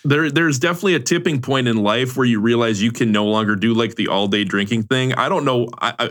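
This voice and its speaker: Panel guest, mid-range voice, reflective and halting. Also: male voice, medium pitch, fairly bright tone. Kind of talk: casual chat.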